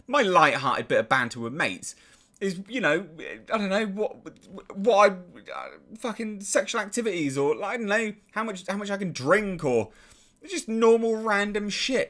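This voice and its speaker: A man's voice: high voice, a bit bright. Sarcastic English man ranting. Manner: sarcastic, exasperated, swears freely. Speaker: YouTube commentator. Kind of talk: casual ranting commentary.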